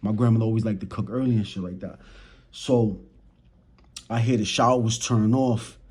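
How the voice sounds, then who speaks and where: A man's voice: fairly low pitch, normal speed, husky. Slangy young man with a New York accent. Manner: slangy, talks to chat, animated retelling. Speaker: storyteller vlogger. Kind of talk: casual storytime. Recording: noisy background.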